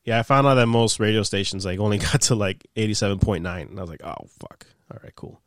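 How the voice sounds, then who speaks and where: A man's voice: lowish voice, fast talker, no room sound, studio quality. A young man, a podcast guest, casually telling stories from his radio days, swearing freely and acting out what people said. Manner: animated, swears freely, acts out quoted dialogue. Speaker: podcast guest, former sports radio producer. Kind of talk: casual storytelling chat.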